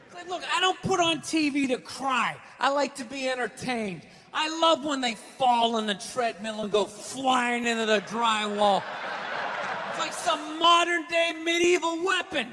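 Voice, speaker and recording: A man from the United States performing a stand-up comedy set on stage, telling stories with loud bursts and acted-out quotes. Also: very high voice, lively intonation, measured pace, a faint crowd. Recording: live hall reverb, faint noise.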